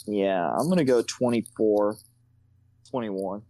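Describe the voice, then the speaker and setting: A man's voice: fairly low pitch, takes it slowly, mellow, dry recording. A man co-hosting a casual sports podcast, swearing freely and rambling through anecdotes. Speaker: podcast co-host.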